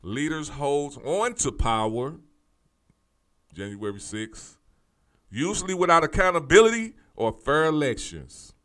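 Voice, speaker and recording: A man's voice: fairly high pitch, very animated, a little slow, a bit bright. A man hosting a political commentary show, talking straight to his audience in a fired-up, preachy way, repeating his points, swearing casually and restarting his sentences often. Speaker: show host.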